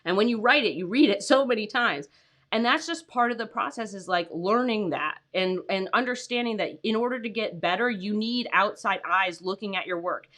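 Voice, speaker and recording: A woman in her thirties hosts a casual livestream from home, coaching writers on feedback. She talks loosely, full of "like" and "right?", and pauses to greet viewers by name. Her voice is bright and sits at an ordinary pitch for a woman. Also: animated. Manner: chatty, many fillers, greets viewers by name. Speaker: freelance writing coach hosting a livestream. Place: home, with her dogs nearby.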